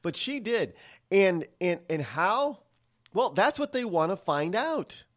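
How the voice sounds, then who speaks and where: A man's voice: high voice, sing-song, slow, lo-fi sound. Sarcastic male talk radio host. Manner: sarcastic, rambling with frequent restarts. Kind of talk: opinionated talk radio monologue.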